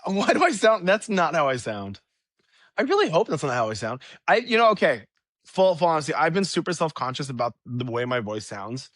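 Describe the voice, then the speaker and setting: A man's voice: fairly high pitch, sing-song, a little fast, a bit bright, dry recording, studio quality. A man hosting a podcast in casual chat, joking and teasing his guest in self-deprecating banter. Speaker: podcast host.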